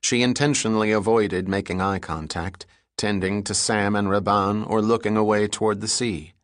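A man narrating a thriller audiobook chapter in a steady, measured way. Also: lowish voice, no echo, clean studio sound. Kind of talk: scripted narration.

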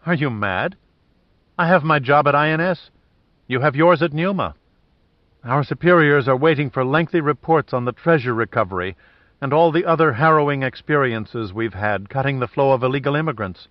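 A man reading the lines of a brisk, affectionate woman, near his own voice, on a dull dry recording. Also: medium pitch, no room sound, close to an everyday voice.

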